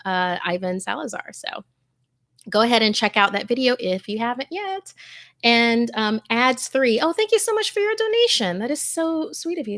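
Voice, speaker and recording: A woman hosting a scary story channel, chatting casually and effusively with her viewers in a warm, emotional way full of fillers. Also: fairly high pitch, dry recording, studio quality. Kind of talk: casual livestream chat with viewer shout-outs.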